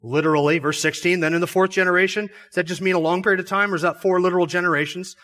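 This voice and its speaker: A man's voice: high voice, fairly even intonation, very fast, bright, forceful tone. A pastor preaching an expository sermon, explaining a passage step by step and asking his listeners rhetorical questions. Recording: church sermon audio.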